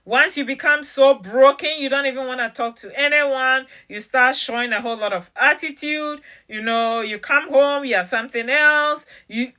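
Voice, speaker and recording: A woman giving a motivational talk, emphatic and direct, repeating key phrases slowly and challenging the listener with questions. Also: high voice, pushed and bright. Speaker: motivational speaker.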